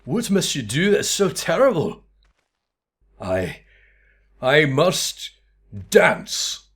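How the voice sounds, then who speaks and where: A man voicing a boisterous, showy nobleman in a game, half-chanting his lines loudly. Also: fairly high pitch, sing-song, very slow, husky, pitched above the performer's own voice, full character voice. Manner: loud, half-sung chanting.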